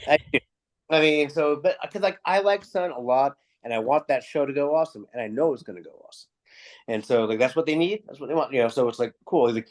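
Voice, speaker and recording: A man, a music promoter, telling animated backstage anecdotes in a casual interview, acting out dialogue and swearing freely. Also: medium pitch, fast talker.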